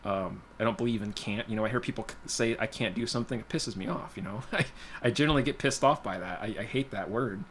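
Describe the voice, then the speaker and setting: A man's voice: fairly low pitch, fast talker, fairly bright tone, a little hiss or hum. A man hosting a casual stream, telling a personal story in a rambling, blunt way full of "you know" and "like". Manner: blunt, plainspoken. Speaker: guitar livestream host.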